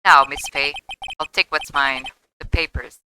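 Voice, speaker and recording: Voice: mid-range voice, steady tone, measured pace, bright, forceful tone, a little hiss or hum, poor audio. A streamer reading a pompous, mock-polite villain from a video game, with florid speech. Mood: smug. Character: pompous smug villain man, gentleman blackmailer.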